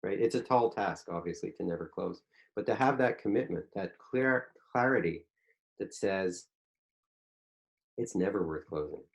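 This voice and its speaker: A lower-pitched man teaching a spiritual course, talking loosely with lots of "you know" and restarts. He slips into little acted-out quotes of what people say to themselves. The delivery is conversational and unscripted. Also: expressive, normal speed, gravelly. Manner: rambling, frequent fillers and restarts, acts out quoted voices. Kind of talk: casual spiritual teaching talk. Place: online group class.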